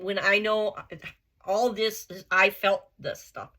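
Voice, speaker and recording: Woman, bright forceful voice, earnest, blunt, repetitive, motivational vlog. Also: mid-range voice, flat delivery, slow pace. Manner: blunt, emphatic, repeats herself; earnest, swears casually. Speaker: vlogger.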